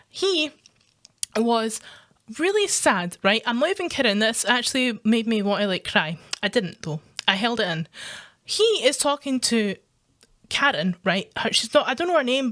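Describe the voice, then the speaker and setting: A woman with a Scottish accent ranting in a casual, animated vlog. She swears freely and breaks into laughter often. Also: a little high. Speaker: gaming vlogger.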